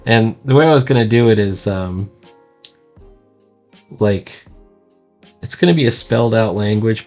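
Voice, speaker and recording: Low-voiced man rambling through a sketchbook. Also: a little mellow, dull audio. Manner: rambling and self-deprecating, with many fillers. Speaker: cartoonist showing his sketchbook. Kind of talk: casual sketchbook tour.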